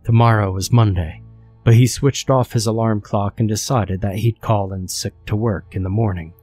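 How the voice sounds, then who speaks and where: A man narrating a scary story in a steady, measured way. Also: lowish voice, slightly rough, faint music behind.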